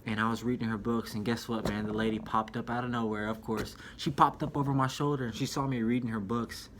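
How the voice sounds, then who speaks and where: Speaking quickly in a steady, medium-pitched voice, a young man gives a casual spoken book review to camera over background noise. He's chatty and rambling, frequently addressing the viewer as "dude" or "man."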